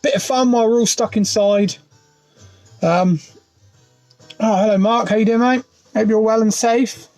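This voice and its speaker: A chatty man with a fairly high voice hosts a laid-back quiz livestream. He talks into his phone from inside his van and greets viewers one by one. Faint music plays in the background. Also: steady tone, moderate pace, pauses often, darkish tone. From United Kingdom. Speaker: quiz host. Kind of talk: casual livestream chat.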